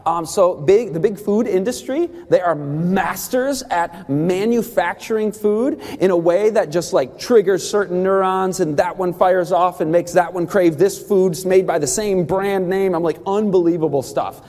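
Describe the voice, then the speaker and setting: A man giving an emphatic, animated talk on Bible diet rules, with quick asides and laughs. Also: high voice, big-room sound.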